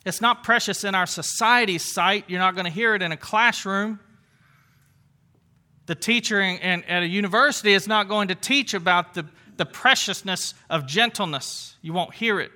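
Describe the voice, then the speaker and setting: Pastor, male, high voice, earnest sermon delivery, leans on repetition. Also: normal speed, sharp tone. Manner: earnest, repeats phrases for emphasis, reads scripture aloud.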